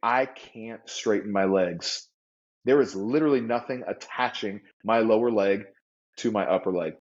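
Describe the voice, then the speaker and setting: A man telling a story as an interview guest, animated and vivid, acting out the people he quotes. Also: on the low side, moderate pace. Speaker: guest entrepreneur. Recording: slightly dull lo-fi audio.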